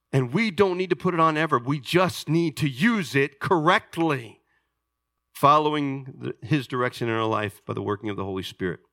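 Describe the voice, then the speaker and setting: A male pastor delivers a sermon in a high, bright voice. He explains patiently, rising to loud emphasis and dropping to quiet, low asides. The sound is dry and close. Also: no room sound.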